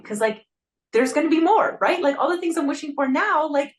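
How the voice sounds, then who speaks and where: A woman's voice: sits high, lively intonation, moderate pace. A woman hosting a podcast in casual interview talk, heartfelt and chatty, with lots of "like" fillers. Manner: heartfelt, chatty, leans on "like" a lot. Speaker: podcast host.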